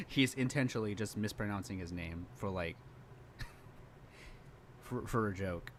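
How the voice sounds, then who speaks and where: A man's voice: on the low side, expressive, takes it slowly, slight background noise. A man co-hosting a reaction stream, sarcastic and crude, laughing often. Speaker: co-host. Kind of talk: casual reaction commentary.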